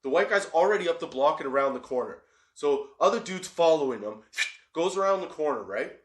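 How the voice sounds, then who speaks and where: Animated swearing man telling a story. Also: a little high, fairly quick, roomy sound. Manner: animated, laughs often, swears freely. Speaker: podcast host. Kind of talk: comedic storytelling.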